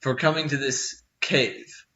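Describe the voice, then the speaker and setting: A man playing a gruff, distrustful guard who questions in a measured, mocking way. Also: medium pitch, steady tone, sharp tone, muffled recording. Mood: stern.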